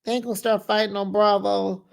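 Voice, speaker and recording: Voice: mid-range voice, creaky, smooth. A reality TV recap host giving casual commentary, talking straight to the cast and acting out their lines. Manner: animated, talks straight to the show's cast; acts out cast members' lines in quick put-on voices.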